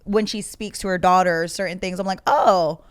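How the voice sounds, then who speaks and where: A woman co-hosting a podcast who works in radio. She tells stories in an animated, lighthearted way. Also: on the low side, fast, clear, resonant tone, no echo. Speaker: podcast co-host, radio personality. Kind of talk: casual podcast chat.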